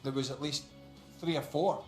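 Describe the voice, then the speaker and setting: A man's voice: on the high side, moderate pace, soft background music. A man on a football panel, breaking down a match in an analytical, dry-humoured way. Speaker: football pundit. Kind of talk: studio panel chat. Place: TV studio. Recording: roomy studio sound.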